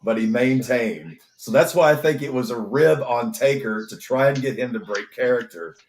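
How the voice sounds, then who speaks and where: A man's voice: mid-range voice, normal speed. A man co-hosting a casual podcast, rambling with many restarts and frequent swearing. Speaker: podcast co-host. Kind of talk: casual chat.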